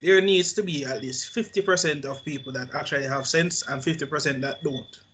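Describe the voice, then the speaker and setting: Blunt, contrarian man, slightly high. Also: brisk, fairly bright tone, a little hiss or hum, low-quality recording. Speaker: podcast co-host. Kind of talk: casual discussion.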